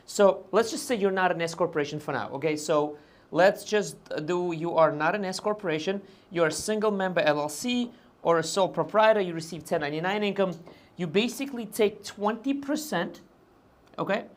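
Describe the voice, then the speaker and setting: A man's voice: high-pitched, normal speed. A man hosting a live stream on business taxes. He talks in a loose, conversational way, keeps checking in with his viewers, and admits when he is unsure of a detail. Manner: conversational, checks in with "right?" and "okay?"; hedges on details. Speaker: host and tax advisor. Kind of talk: live Q&A explainer.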